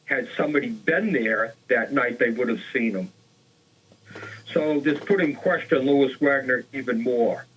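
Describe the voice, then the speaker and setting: A man tells an old murder case on a local talk show, in an easy, unscripted way, often pausing with "uh" and starting over. His voice sits at an ordinary pitch. The sound is plain and a little lo-fi. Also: fairly bright tone, a little hiss or hum. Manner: casual retelling with fillers and restarts. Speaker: co-host. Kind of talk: storytelling a true crime case.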